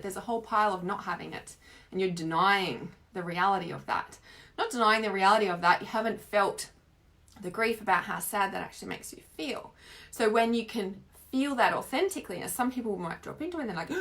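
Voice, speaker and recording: An Australian woman giving a casual, chatty spiritual teaching talk, expressive and full of filler words. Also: mid-range voice.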